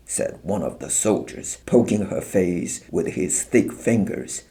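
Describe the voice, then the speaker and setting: Slow, gravelly male audiobook narrator. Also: sits low, animated, dark tone, in a whisper.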